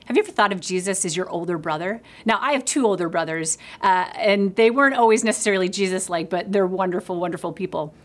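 Middle-aged woman giving a sermon, earnest, goes soft and hushed for god's lines. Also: lowish voice, fast talker, hardly any pauses. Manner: earnest, drops to a soft hush for God's words. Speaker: preacher.

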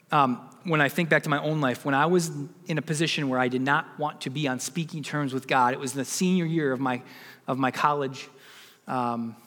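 A man's voice: fairly high pitch, fairly bright tone, long reverb tail. A man in his forties, a pastor giving a sermon, telling a personal story and building to emphatic preaching.

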